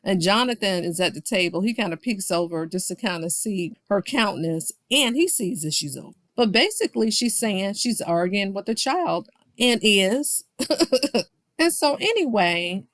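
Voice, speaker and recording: Reviewer: woman, mid-pitched, dry close sound, chatty recap with playful voice swings when quoting people. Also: animated, moderate pace, no room sound. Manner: talks straight to viewers. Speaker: reality show reviewer. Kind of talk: casual recap commentary.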